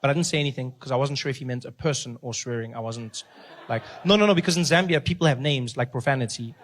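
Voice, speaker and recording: A man's voice: mid-range voice, fast talker, a little hiss or hum. A male stand-up comedian telling a story in a chatty way, drawing the audience in with tag questions.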